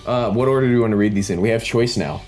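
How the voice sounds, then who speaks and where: Man, casual let's-play host, excitable banter, lowish voice. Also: rapid-fire, soft background music. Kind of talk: casual game chat with a friend.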